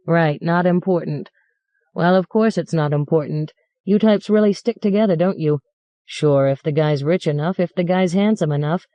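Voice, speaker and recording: A woman reading as a sneering male cabbie who rants and mocks his passengers with fake politeness. His voice sits low and mellow, with a dry close sound and no room around it. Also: no room sound, highs cut off, natural voice. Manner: mocking, ranting, mock-polite. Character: sarcastic foul-mouthed male New York cab driver.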